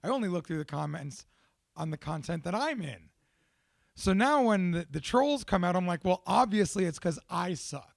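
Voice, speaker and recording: Young guy ranting on his podcast, swears a ton, gravelly voice, dry close sound. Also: sits high, normal speed, no echo. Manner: profane, animated, self-mocking. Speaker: podcast host. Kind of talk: casual monologue.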